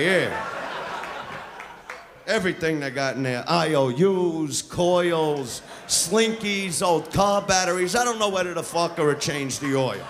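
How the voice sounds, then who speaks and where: Brash, crude male comic on a club stage, bouncy delivery, live take with a loud crowd and a noisy room. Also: high-pitched, expressive, slow. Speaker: stand-up comedian. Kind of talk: live stand-up set.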